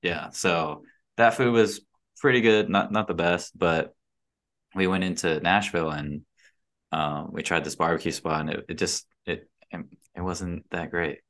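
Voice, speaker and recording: A man casually recounting a trip, relaxed and full of fillers. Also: low voice, unhurried. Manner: relaxed storytelling, many fillers. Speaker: podcast guest. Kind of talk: casual chat.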